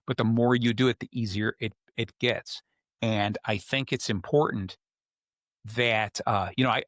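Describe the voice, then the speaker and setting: A podcast host talks through relationship advice in a loose, chatty manner, imitating the people whose words he repeats. His voice is lowish and fairly bright. The audio has studio quality and no echo.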